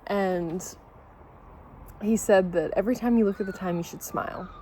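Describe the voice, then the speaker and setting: A woman talks casually to her camera while eating breakfast at home. She is candid and swears freely, and she gets overwhelmed with happy emotion and laughs close to tears. Her voice sits at a medium pitch over a faint noise floor. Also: moderate pace, mellow, poor audio. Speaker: vlogger. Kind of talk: casual vlog chat.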